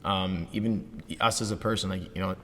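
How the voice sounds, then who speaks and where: A man with a lowish voice talks business on a podcast, loose and motivational and heavy on fillers. The room rings with a long reverb under a faint hum of ambient noise. It sounds like an easygoing co-host thinking out loud. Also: fairly even intonation, fairly quick. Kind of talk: casual business chat.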